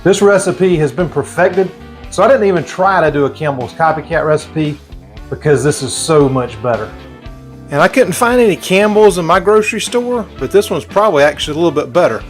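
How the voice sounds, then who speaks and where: Southern American man, middle-aged, cooking show host, folksy chatty recipe talk, high voice. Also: lively intonation, a little fast, soft background music. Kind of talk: recipe demonstration.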